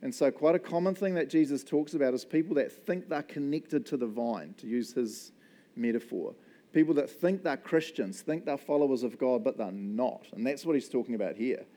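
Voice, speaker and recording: A man with a New Zealand accent preaching a casual, jokey sermon in church, telling animated stories with self-deprecating asides. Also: medium pitch, normal speed. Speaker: pastor.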